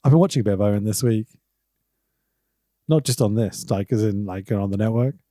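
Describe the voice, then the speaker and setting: A man co-hosting a podcast in casual chat, animated and quick to laugh. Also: no echo, studio quality. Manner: animated, breaks into high laughs and shouted impressions. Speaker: podcast co-host.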